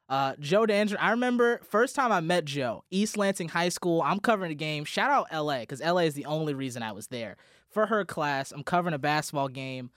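A man's voice: a little high, fairly bright tone, dry recording, clean studio sound. Young man giving a rambling farewell. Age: young adult. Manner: rambling, heartfelt, with restarts and laughter. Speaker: college radio host. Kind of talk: emotional farewell speech on air.

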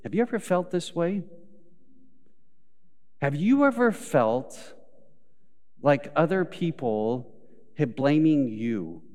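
A man's voice: on the high side, sing-song, slow pace, pauses often, a little mellow. A male pastor preaching a live sermon, telling everyday stories and acting out what people say, building to emphatic peaks before dropping back down. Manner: storytelling with acted quotes, rising to emphatic peaks. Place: church sanctuary. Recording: live church recording with long hall reverb.

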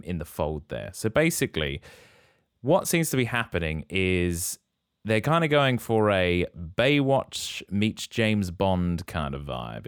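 A man's voice: sits low, smooth, no room sound, clean studio sound. A man co-hosting a podcast, recapping a film plot in casual, teasing chat. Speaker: podcast co-host.

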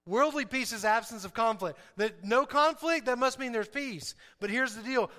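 A male pastor preaches with animated emphasis and keeps repeating his main points. His voice is high for a man and bright. A long hall reverb hangs on every phrase. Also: fairly quick, few pauses. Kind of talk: sermon.

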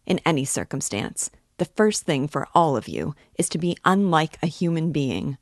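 A woman reading aloud, voicing a hot-tempered young man who scolds and blusters at his friend in raised, rapid outbursts. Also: low voice, very animated, no echo, clean studio sound. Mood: blustering.

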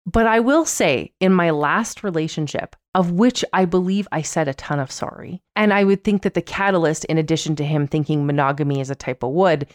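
A woman in her late thirties, a podcast host, talking in a candid, wry and animated way. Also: deep voice, brisk, hardly any pauses, no echo, clean studio sound. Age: 30s. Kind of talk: casual chat.

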